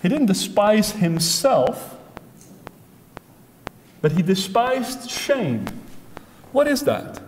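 A man preaching a sermon, emphatic, acting out what people say with sharp rises and drops. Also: sits high, very animated, extremely slow, long pauses. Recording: faint noise, long hall reverb.

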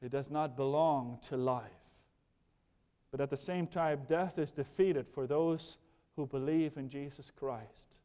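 A man preaching a sermon as pastor, earnestly moving between hushed and raised passages. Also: mid-range voice, measured pace. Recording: long reverb of a large hall.

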